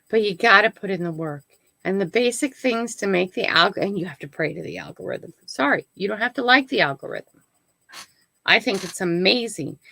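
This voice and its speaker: A woman's voice: medium pitch, creaky, bright, forceful tone, no room sound, low-quality recording. An older woman hosting her own live stream, chatting casually to viewers and often checking in with "right?" and "okay?". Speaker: channel host.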